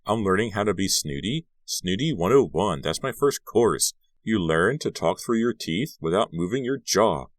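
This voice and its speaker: A man's voice: lowish voice, expressive, normal speed, no room sound, studio quality, voice pushed up. A man voicing a sarcastic teenage girl. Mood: teasing. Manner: sarcastic, mock-snooty. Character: sharp-tongued teenage girl, sarcastic and teasing.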